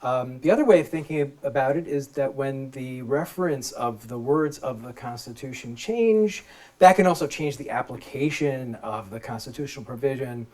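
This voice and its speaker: Law professor giving a casual public lecture. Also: male voice, mid-range voice, moderate pace, darkish tone. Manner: informal, explaining plainly for laypeople. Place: event space with a live audience. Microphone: microphone.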